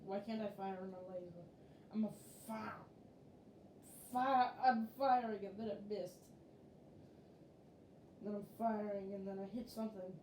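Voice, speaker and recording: A woman's voice: medium pitch, fairly even intonation, unhurried, long pauses, darkish tone. A young woman streaming a video game, chatting playfully and breaking into laughter often. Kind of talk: casual gameplay chat. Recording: echoey room with faint noise.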